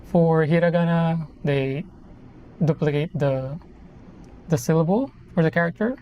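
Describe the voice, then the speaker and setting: While assembling a model kit on a live stream, a person in their thirties from the Philippines chats casually, rambling and correcting themselves. The medium-pitched voice is unhurried, and the audio has cut-off highs plus a little hiss or hum.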